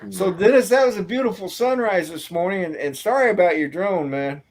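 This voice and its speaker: A man hosting a casual group call, talking haltingly with repeated words and dry jokes. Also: high-pitched, a little hiss or hum.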